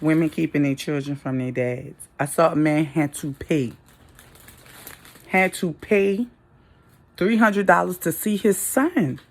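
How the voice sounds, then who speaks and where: Middle-aged woman vlogger, lower voice, frank, laughs a lot. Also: unhurried. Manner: candid, laughs a lot, loud mock outbursts. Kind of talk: casual talk to camera.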